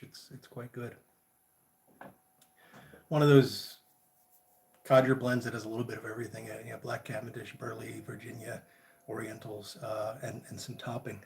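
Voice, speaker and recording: A man chatty livestream host. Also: medium pitch. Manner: chatty, greets viewers by name, relaxed and friendly. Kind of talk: casual live chat.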